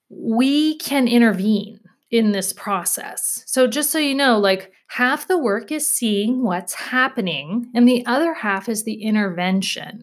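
A woman therapist explaining a therapy method in a casual, chatty way, often checking in with "right?". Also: medium pitch. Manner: chatty, frequent "like" and "right?" asides. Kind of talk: casual teaching talk.

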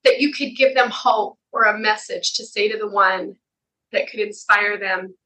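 Searching woman podcast host, bright voice. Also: mid-range voice, poor audio. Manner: warm, searching, halting phrasing. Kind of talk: interview questions.

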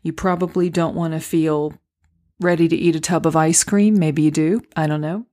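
A woman hosting a solo podcast, talking through acting auditions in a gentle, encouraging, unhurried way. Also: low voice, steady tone. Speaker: podcast host and acting coach. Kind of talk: reflective solo podcast talk. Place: home, recorded near a street.

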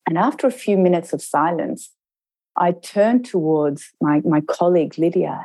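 A middle-aged woman, an intercultural trainer, telling a personal story in a reflective interview and slowing down to stress her points. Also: fairly low pitch, mellow, slightly rough, poor audio. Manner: measured, slows down to stress points.

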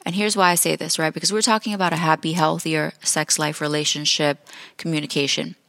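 Low gravelly woman podcast host. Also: steady tone, brisk, fairly bright tone, dry recording. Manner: chatty, laughs often, self-correcting asides. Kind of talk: casual solo podcast talk.

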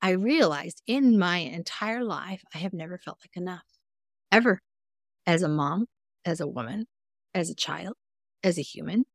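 A woman guest on a podcast, a mindfulness coach, telling personal stories in a candid, earnest way with sudden jumps in pitch. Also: animated, moderate pace, long pauses, no room sound, clean studio sound. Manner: earnest, self-reflective. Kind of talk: casual interview conversation.

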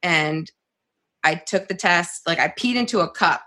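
Bright-voiced young woman telling a story. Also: lowish voice, measured pace. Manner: animated, heavy use of "like", swears freely. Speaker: podcast guest. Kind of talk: casual storytelling interview.

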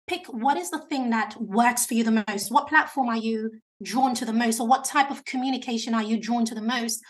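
A woman speaking coach giving advice in an interview, animated and talkative. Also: fairly high pitch, a little fast. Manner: animated, chatty, self-described natural talker.

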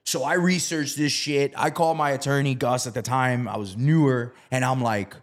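Male storyteller, casual and profane, animated when quoting others. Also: mid-range voice, moderate pace, few pauses. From South Florida. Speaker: real estate investor.

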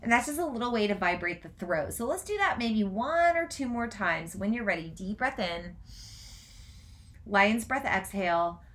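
A woman hosting a casual live stream, talking fast in run-on sentences, then gently guiding a breathwork practice. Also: mid-range voice, animated, a little hiss or hum. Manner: gentle instructive guidance in breathwork. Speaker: spiritual coach and podcast host.

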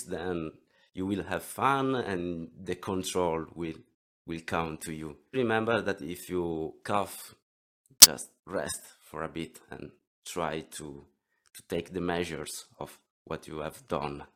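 A man in his thirties with an Italian accent, explaining throat singing in an interview lesson, halting and often restarting his words. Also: low voice, fairly bright tone. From Italy. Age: 30s.

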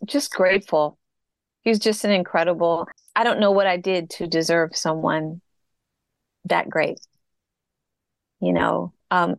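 Earnest woman with a gravelly voice. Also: lowish voice, no room sound, studio quality. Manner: reflective, earnest, slow in places. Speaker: guest. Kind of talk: personal story in an interview.

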